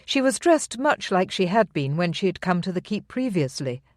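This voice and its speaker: A narrator reads a historical romance aloud in an even, steady storytelling voice. The pitch sits in the middle range. The recording is dry and close, with no room sound. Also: normal speed, no room sound. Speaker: audiobook narrator. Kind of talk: scripted audiobook narration.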